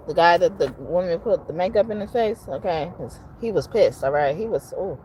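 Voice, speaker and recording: A woman's voice: lowish voice, brisk, few pauses, darkish tone, slight background noise. A woman giving a casual tarot reading, talking bluntly with profanity and frequent laughter. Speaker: tarot card reader.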